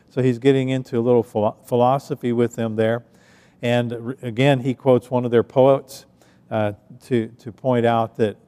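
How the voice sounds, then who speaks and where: A man preaching a sermon in a relaxed, conversational way, often restarting his phrases. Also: mid-range voice, long reverb tail. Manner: conversational, halting with frequent restarts. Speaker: pastor. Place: church.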